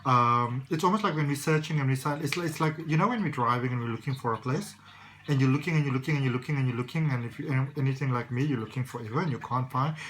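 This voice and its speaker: A man's voice: mid-range voice, quick pace, a bit bright, a little hiss or hum, rough recording. Rambling male tarot reader. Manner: rambling, reassuring, many fillers. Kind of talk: casual tarot reading.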